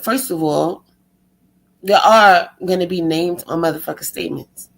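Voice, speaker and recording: A woman vlogger with a lowish, creaky, animated voice rants at a moderate pace on poor audio. Her profane monologue is exasperated and sarcastic, full of swearing and rhetorical questions, and she mocks others in a put-on tone.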